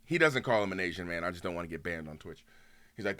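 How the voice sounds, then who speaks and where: A man streaming and reacting to a video in a heated, casual rant, swearing often and swinging between loud outbursts and low muttering. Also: lively intonation, quick pace. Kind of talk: casual ranting commentary.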